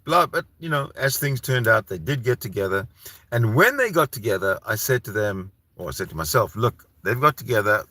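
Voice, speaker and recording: Ranting man with a lively, bright voice. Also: on the low side, brisk, no echo. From Canada. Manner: heated, ranting, profane, with frequent restarts. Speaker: solo channel host. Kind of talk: rambling solo livestream talk.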